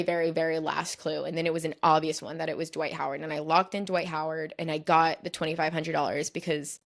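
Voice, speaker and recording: A young woman hosting a podcast, telling a long story in a chatty way and filling her sentences with "like". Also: lowish voice. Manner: chatty, fills nearly every phrase with "like". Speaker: podcast host. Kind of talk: casual storytelling monologue.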